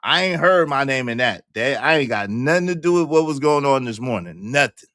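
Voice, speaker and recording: A man hosting a casual livestream, reading viewer comments and joking in repeated denials, jumping between loud high exclamations and low mutters. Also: lively intonation, brisk, no room sound, studio quality. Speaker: livestream host.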